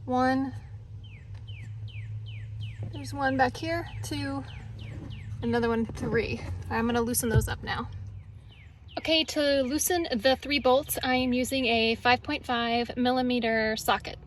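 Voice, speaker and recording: A woman's voice: high-pitched, fairly even intonation, measured pace, long pauses, a little hiss or hum. A woman talking viewers through a repair in her pickup truck in a casual how-to vlog, chatty and emotional. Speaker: DIY vlogger.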